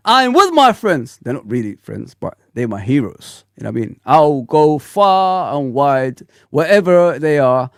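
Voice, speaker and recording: A man in his forties hosting a fan livestream, talking bluntly in an animated, ranting way full of slang. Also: medium pitch, measured pace, gravelly, hardly any pauses, clear, resonant tone, dry recording, studio quality. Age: 40s. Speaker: football fan channel host. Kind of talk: casual livestream rant.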